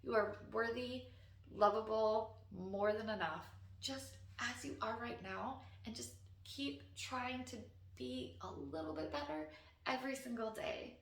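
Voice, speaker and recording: A woman wellness coach speaks unscripted and earnestly to camera, offering heartfelt encouragement that sometimes turns emotional. Her voice is slightly high and a bit slow, and the distant recording gives it a roomy sound.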